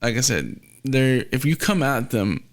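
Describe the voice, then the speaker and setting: A man's voice: mid-range voice, very animated, unhurried. A man hosting a podcast, chatting casually and rambling through a story while he acts out the back-and-forth he had with someone. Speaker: podcast host. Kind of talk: casual conversation.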